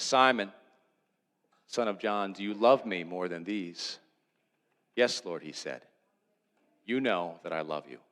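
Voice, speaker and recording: A male pastor preaching a sermon, retelling a story with animated swings between loud, excited lines and hushed, low ones. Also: long reverb tail. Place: church sanctuary.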